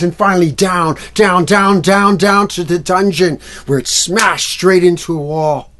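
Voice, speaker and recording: A man telling a fairy tale to children at a library event, acting out the characters and sound effects with lively energy. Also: high voice, measured pace. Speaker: musical storyteller. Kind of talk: storytelling for children.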